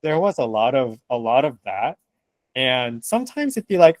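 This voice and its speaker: A man who translates books, chatting as a guest in an interview, animated and laughing often with lots of fillers. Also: mid-range voice, moderate pace, dry recording. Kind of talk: casual interview conversation.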